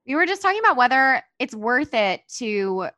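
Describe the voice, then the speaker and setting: A woman with a bright, sharp-edged voice pitched a little high, chatting casually as a podcast co-host. She is quick to laugh and keeps tossing in short quips, recorded dry and close. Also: very animated, no echo. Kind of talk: casual group chat.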